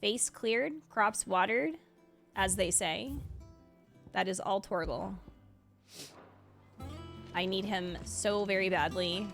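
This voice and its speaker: A woman's voice: mid-range voice, slow pace, creaky, pauses often, a bit bright. A woman streaming a video game, chatting casually and gushing, with lots of "like" fillers. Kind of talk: casual live-stream chat. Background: faint game music.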